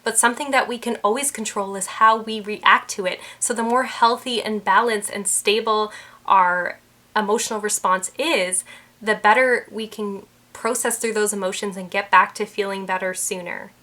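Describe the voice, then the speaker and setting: Young female mindset coach, bright tone, earnest and explanatory, talking-head delivery. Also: mid-range voice, fairly even intonation, moderate pace. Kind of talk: talking-head advice video.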